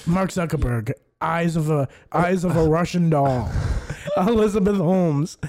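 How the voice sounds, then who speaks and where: High-voiced, profane comedic man. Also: measured pace, a little mellow. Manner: rambling, profane, riffing jokes. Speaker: podcast co-host. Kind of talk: casual comedic chat.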